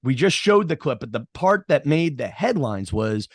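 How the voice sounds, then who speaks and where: Hosting a casual podcast interview, this middle-aged New York-area man of Irish heritage rambles through a story, full of fillers and restarts. His mid-range voice is sing-song at a normal speed, captured in a dry, studio-quality recording.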